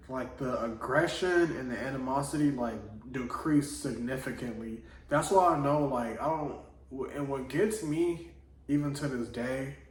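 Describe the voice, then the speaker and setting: A man vlogging, telling a personal story in a loose, slangy casual monologue full of "like". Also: mid-range voice. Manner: loose slangy delivery, heavy on "like". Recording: echoey room, voice from a distance.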